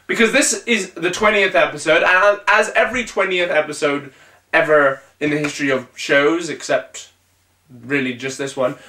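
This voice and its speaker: A man hosts his own comedy web show with an energetic, sarcastic bounce, jumping from bit to bit. His voice sits high and sounds bright and edgy. The room around him rings with echo. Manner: energetic, sarcastic, jumpy delivery. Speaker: vlog host. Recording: echoey room.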